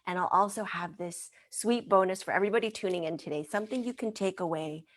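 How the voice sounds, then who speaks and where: A woman with a somewhat low voice tells a story in a gentle, earnest manner. She speaks as a guest in an interview and draws on her work as a mind-body wellness trainer. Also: quick pace.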